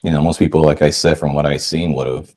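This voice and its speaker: A man hosting a podcast interview. He asks questions in a relaxed, loose way with plenty of fillers. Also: very deep voice, fairly quick. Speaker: podcast host. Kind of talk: casual interview chat.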